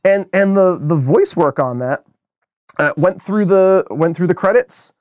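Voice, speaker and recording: An American man co-hosting a podcast, talking through a film review in a rambling, animated way with many fillers and restarts. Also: high-pitched, measured pace, no room sound, clean studio sound. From United States. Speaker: podcast co-host. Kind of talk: casual film review chat.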